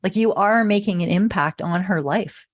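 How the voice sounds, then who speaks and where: A woman's voice: mid-range voice, moderate pace. A woman in her forties from Canada, a foster mother and podcast guest, speaking in an encouraging, heartfelt way in casual conversation.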